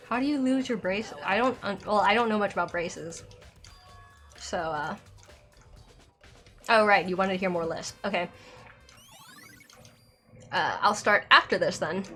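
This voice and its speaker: A woman's voice: mid-range voice, measured pace, long pauses, bright, forceful tone, soft background music. A young woman streamer with a Southern accent and a slight lisp, rambling through a game playthrough with lots of filler likes. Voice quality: slight lisp from a dental aligner. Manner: rambling, self-conscious, many filler likes. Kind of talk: live-streamed game playthrough, reading dialogue aloud.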